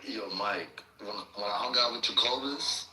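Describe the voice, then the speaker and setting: A man's voice: on the low side, normal speed, sharp tone, far from the mic. A man in casual podcast banter, slangy and profane, laughing through his stories. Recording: echoey room.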